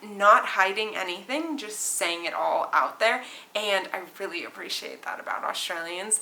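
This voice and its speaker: A young woman with a Southern California valley girl accent chats to her camera in a bright, bubbly voice, peppering every thought with likes and oh my goshes. She sounds a touch tense and sharp. Her voice rings around a small, echoey hotel room. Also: medium pitch. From California, USA. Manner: chatty, fast-flowing, many likes and oh my goshes. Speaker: flight attendant vlogger. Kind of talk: casual chat to camera.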